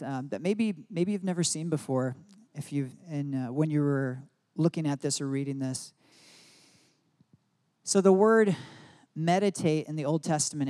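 A man's voice: a little high, warm tone. A married man giving an earnest devotional Bible teaching, mixing reflection with spoken prayer declarations. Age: adult, married. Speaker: preacher.

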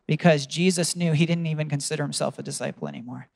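A man's voice: a little high, fairly even intonation, fast talker, gravelly, few pauses, a little mellow, dry recording. Earnest male preacher, dry close sound. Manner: earnest storytelling, asks the congregation questions. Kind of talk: sermon.

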